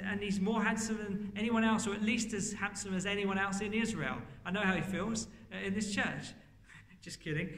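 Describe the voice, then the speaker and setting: A man's voice: high voice, sharp tone. A man preaching a sermon to his congregation, talking in a conversational way with joking asides and direct questions to the listeners. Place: church. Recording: echoey church hall.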